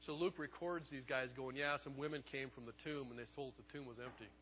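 A man preaching a sermon, telling the story in a lively way and acting out the quotes. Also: medium pitch, quick pace, big-room sound, highs cut off, slight background noise. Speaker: pastor.

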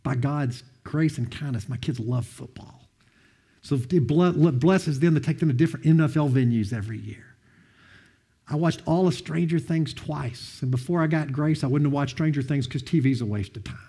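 A man sharing a personal testimony, earnest and heartfelt, often quoting others with lively bursts of emphasis. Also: on the high side, normal speed, breathy edge. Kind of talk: heartfelt storytelling talk.

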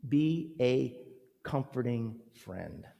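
A man preaching a sermon as a pastor, gentle and earnest, telling stories and leading prayer. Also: medium pitch, animated, very slow, gravelly. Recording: long hall reverb.

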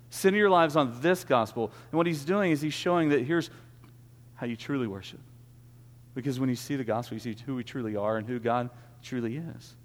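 A man preaching an earnest sermon, often restarting his words. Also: mid-range voice. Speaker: pastor. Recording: long hall reverb.

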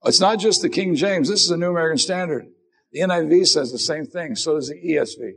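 A man's voice: fairly high pitch, fast, creaky, fairly bright tone, breathy edge. A middle-aged man preaching a sermon as pastor, earnest and self-deprecating in a conversational way.

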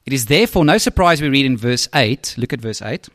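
A man's voice: medium pitch, lively intonation, a little fast, a bit bright, no room sound, clean studio sound. A man preaching as a pastor, talking conversationally and often checking in with the congregation. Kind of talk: sermon.

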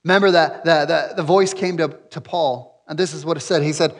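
A man's voice: a little high, a little fast. A man preaching a sermon in an earnest way, repeating key phrases for emphasis. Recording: long hall reverb.

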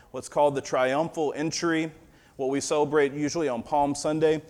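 A male pastor in his thirties reading scripture, then preaching in a relaxed storytelling way with a fatherly touch of humor. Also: mid-range voice. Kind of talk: sermon.

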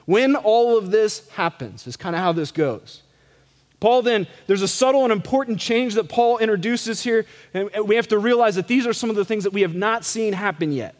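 A middle-aged man preaches in a high, light voice. His delivery is conversational and self-deprecating rather than grand. The church live-stream recording carries a long reverb tail. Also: animated, normal speed. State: some gray hair. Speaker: pastor. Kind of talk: sermon. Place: church sanctuary.

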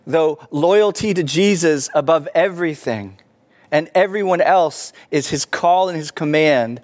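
A man preaching a sermon, earnest, rising to emphatic peaks and falling back soft. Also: fairly high pitch, no echo. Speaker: pastor.

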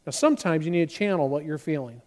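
A man, a pastor, preaching a sermon and acting out quoted voices with animated delivery. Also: a little high, quick pace.

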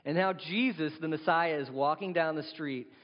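A man preaches in a casual, blunt way, firing questions at his congregation. His voice sits a little high. The sound is dull and rings with long reverb in a hall. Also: normal speed. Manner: conversational, blunt, asks the audience questions. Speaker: pastor. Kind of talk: sermon.

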